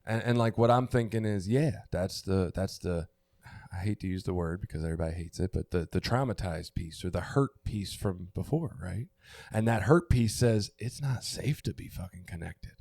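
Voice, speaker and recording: A middle-aged man co-hosts a recovery podcast, talking candidly, searching for words, restarting often and swearing now and then. His voice is low and a little mellow at a moderate pace, with no room sound.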